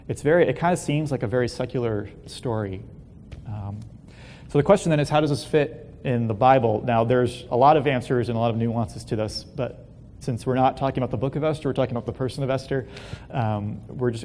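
Man teaching a Bible lesson in a hall. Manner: relaxed, many fillers, joking asides. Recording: long hall reverb, faint rumble.

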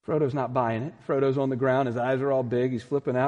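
A man's voice: medium pitch, fairly even intonation, quick pace, few pauses, warm tone. A man preaching a sermon as pastor, earnest and emphatic, building to peaks. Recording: long reverb in a large hall.

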